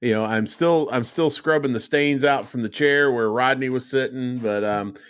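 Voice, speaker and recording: A man's voice: mid-range voice, normal speed, fairly bright tone, clear, resonant tone. A middle-aged man hosts a casual podcast chat. He rambles through stories, swears often and restarts his sentences as he goes. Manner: profane, rambling storyteller with frequent restarts. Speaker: podcast host.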